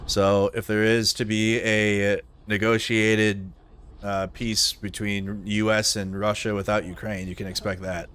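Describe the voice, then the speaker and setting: A man's voice: lowish voice, little pitch movement, unhurried, a bit bright, a little hiss or hum. A man hosting a live news commentary stream, talking bluntly and with profanity. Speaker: livestream news host.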